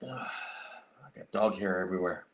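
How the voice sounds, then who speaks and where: A man with a fairly low voice hosts a casual livestream, chatting as he works through things on his computer. He rambles with lots of fillers and restarts, thinking out loud as he goes. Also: moderate pace. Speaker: livestream host.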